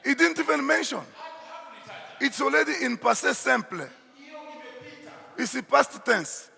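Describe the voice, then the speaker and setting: Male pastor, bright gravelly voice, slow emphatic sermon delivery, echoey church hall. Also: very high-pitched, lively intonation. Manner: emphatic preaching, shifts into Swahili asides.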